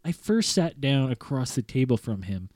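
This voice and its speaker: A man reading a first-person story aloud in a measured, earnest way, as a podcast host. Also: medium pitch, sing-song, darkish tone, dry recording, clean studio sound.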